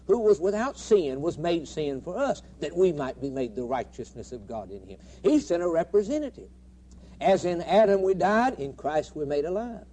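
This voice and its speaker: Animated preacher man, rhythmic and emphatic. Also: on the high side. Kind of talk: sermon.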